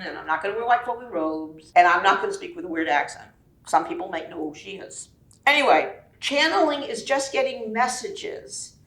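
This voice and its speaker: A woman clairvoyant medium giving a chatty, animated talk and acting out the quotes in her stories. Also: medium pitch, echoey room. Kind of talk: personal storytelling talk.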